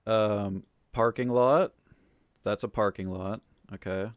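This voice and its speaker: A man's voice: on the low side, fairly even intonation, takes it slowly, no room sound. Rambling, swearing streamer man. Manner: rambling, profane and ranting. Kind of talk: casual live-stream chat.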